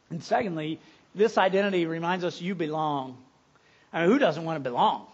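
A man preaching a sermon, going from quiet, slow reflection to loud, emphatic exclamation. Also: on the high side, lo-fi sound. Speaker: pastor.

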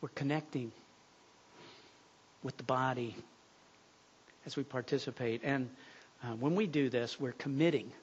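A man's voice: medium pitch, a little slow, pauses often, slight background noise. Earnest male preacher, muffled sound. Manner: earnest, drops to a hush at key points. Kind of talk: sermon storytelling.

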